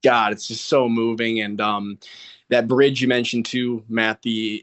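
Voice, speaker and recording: Young dude on a podcast, earnest and enthusiastic, lots of um and you know. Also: male voice, on the low side, steady tone, normal speed, fairly bright tone. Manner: earnest, enthusiastic, many ums and you-knows. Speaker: podcast co-host. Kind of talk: casual chat.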